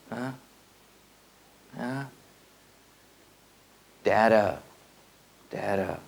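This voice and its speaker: Animated man giving a spiritual talk. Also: measured pace, long pauses, highs cut off. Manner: animated, swings between soft low musing and excited high bursts; repeats words and restarts often. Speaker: spiritual teacher. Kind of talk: spoken teaching to a group.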